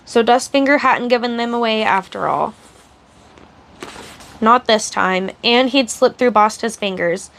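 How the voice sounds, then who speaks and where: Woman streamer, slightly high voice, steady read-aloud narration. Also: unhurried. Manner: steady storytelling narration, blunt asides. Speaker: streamer reading a novel aloud. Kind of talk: audiobook-style reading on a live stream.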